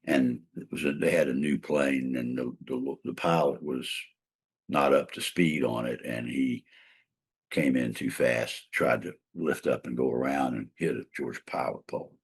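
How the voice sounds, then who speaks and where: A man's voice: a bass voice, fairly even intonation, a little slow, husky. An older man, a trial lawyer and mediator, telling a long case story in a casual interview, rambling with fillers and restarts.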